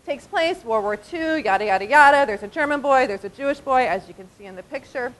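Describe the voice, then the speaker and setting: A woman in her forties, a diaconal minister, giving an animated conversational talk at a church conference. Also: high voice, a little fast, poor audio. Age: 40s. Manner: animated and conversational, often asking "right?". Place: conference hall.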